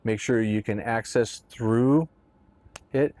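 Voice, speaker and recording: A man's voice: medium pitch, slow pace, a little mellow. A man casually explaining boat gear in a conversational how-to talk, often checking in with "right?". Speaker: boat owner explaining boat tops.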